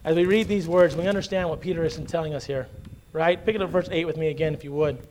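A man with a notably high-pitched voice delivers a sermon as a pastor. He talks to the congregation in a casual, back-and-forth way, stacking "right?" and "okay?" and doubling up words as he presses his point. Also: fairly even intonation, quick pace, darkish tone, a little hiss or hum. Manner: conversational preaching with frequent "right?" and "okay?" check-ins; repeats and restarts words when emphasizing.

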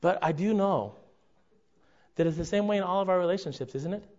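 A man preaching a conversational sermon to his congregation, often checking in with a quick "right?". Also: high voice, darkish tone. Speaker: pastor. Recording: dull lo-fi recording.

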